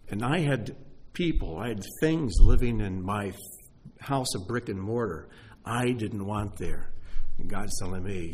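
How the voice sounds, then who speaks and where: A middle-aged man preaching a sermon, emotional, swinging from hushed asides to exclaiming. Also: lowish voice, measured pace, a little hiss or hum. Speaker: pastor.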